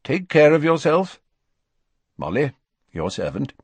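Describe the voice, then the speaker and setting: A calm, courteous old wizard, as a male audiobook reader puts him on, speaking in measured, gracious phrases with a lively rise and fall. The voice is husky and dry, recorded close. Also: a little high, no echo, voice pushed up, exaggerated voice.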